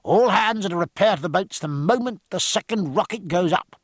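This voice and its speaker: A man voicing a ship's captain giving loud, clipped orders to his crew in a storybook reading. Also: on the high side, very animated, brisk, gravelly, breathy edge, no echo, studio quality, heavily acted. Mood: commanding. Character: commanding male ship's captain addressing crew.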